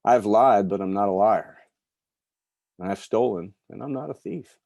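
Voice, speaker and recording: A middle-aged man from New York giving a candid personal recovery talk, telling stories with soft asides. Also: on the low side, normal speed, gravelly, no echo, dull audio. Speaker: recovery speaker.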